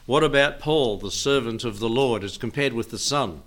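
A man's voice: mid-range voice, moderate pace, fairly bright tone. An older man preaching a Bible teaching sermon in a folksy way, chuckling often and asking his listeners questions.

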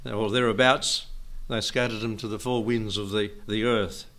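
A man's voice: on the low side, fairly even intonation, moderate pace, fairly bright tone. An older man preaching a Bible teaching sermon in a folksy way, chuckling often and asking his listeners questions.

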